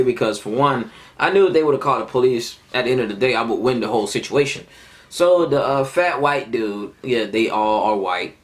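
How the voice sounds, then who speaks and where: A man in his twenties telling a heated, profane story of a fight at work in a casual vlog. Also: mid-range voice. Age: 20s. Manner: animated, profane, heated retelling. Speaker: vlogger.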